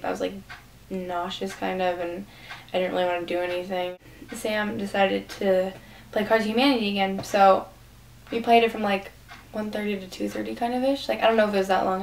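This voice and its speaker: A teenage girl telling a rambling, gushing story for her vlog, full of "like" fillers. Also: medium pitch. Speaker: vlogger. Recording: distant mic with faint room noise.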